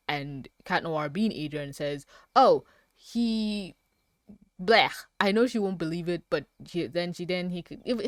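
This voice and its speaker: A woman reacting to a cartoon episode as a reviewer, swearing and ranting between fits of laughter. Her pitch leaps up and down all the time. The sound is dry and close, with no room echo. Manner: profane, laughing often, rants. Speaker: animated series reviewer.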